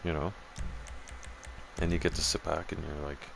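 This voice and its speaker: Deep-voiced man ranting profanely. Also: flat delivery, normal speed, creaky, fairly bright tone, slight background noise. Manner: profane, ranting, addresses viewers directly. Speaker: gaming channel host. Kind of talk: casual rant while streaming a game.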